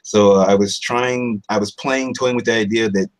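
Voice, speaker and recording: In a casual interview, a man who does voice-over and acting talks about the characters he plays, lively and dropping into character voices as he goes. He speaks at normal speed in a lowish voice, over poor audio.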